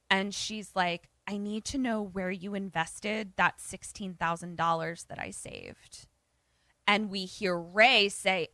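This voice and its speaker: A woman's voice: mid-range voice, a little slow, no room sound. A woman co-hosting a podcast, casually recapping a movie and acting out the characters' lines. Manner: animated retelling, acts out characters' lines. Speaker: podcast co-host.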